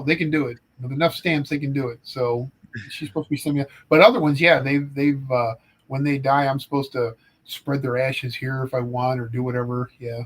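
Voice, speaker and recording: Middle-aged ohio guy, forensic psych, telling grim stories w dark jokes, regular mid voice. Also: mid-range voice, a little fast, rough recording. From Ohio, United States. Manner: animated anecdotal delivery with dark humor. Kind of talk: casual storytelling chat.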